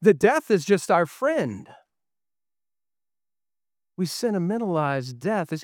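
A man's voice: high voice, sing-song, slow pace, pauses often, dry recording, studio quality. A middle-aged man preaching a sermon as pastor, earnest and full of rhetorical questions.

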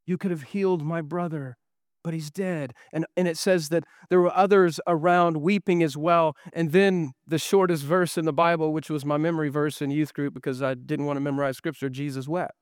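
A man's voice: a little high, fairly even intonation, a little fast, hardly any pauses, smooth, no room sound. Earnest male pastor preaching, dry sound. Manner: earnest preaching with rhetorical questions. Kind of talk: sermon.

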